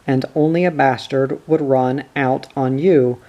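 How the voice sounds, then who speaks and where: Brief: reader voicing a fiery young woman firing back, slow and mid-pitched. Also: fairly even intonation, highs cut off, natural voice. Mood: fierce. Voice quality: vehement, scalding retorts. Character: fierce, proud young woman standing her ground.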